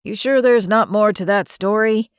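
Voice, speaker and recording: A woman narrator voicing a gentle, grieving old man near eighty who talks in a slow, wistful way. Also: medium pitch, smooth, no echo, clean studio sound, close to an everyday voice. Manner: slow, wistful, fond teasing.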